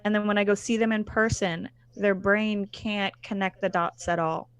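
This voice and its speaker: A woman in a casual panel discussion, quick to chime in with lively remarks. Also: mid-range voice, smooth.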